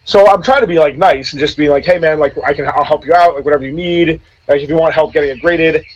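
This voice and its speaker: A man as a podcast guest in casual chat, rambling and animated. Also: a little high, quick pace, slight background noise. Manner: rambling, animated, many restarts. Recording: dull lo-fi sound.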